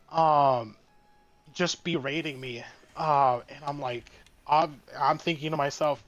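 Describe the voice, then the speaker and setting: A man guest telling a work story in a casual, halting way, full of fillers and restarts. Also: on the high side, fairly even intonation, no echo, muffled recording. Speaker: streamer guest.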